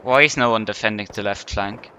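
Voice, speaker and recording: A man's voice: on the low side, brisk, pushed and bright, slight background noise. A man commenting on his own game play, panicky, profane and self-mocking. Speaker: gamer. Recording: game gunfire and explosions behind voice.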